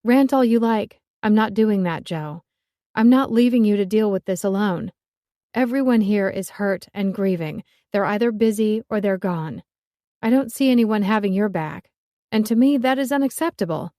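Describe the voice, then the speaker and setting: A woman voicing a stubborn, caring young woman who speaks firmly and briskly in an audiobook. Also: medium pitch, warm tone, dry recording, studio quality, close to an everyday voice. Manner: firm, brisk, cheerfully stubborn. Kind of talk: audiobook character voice.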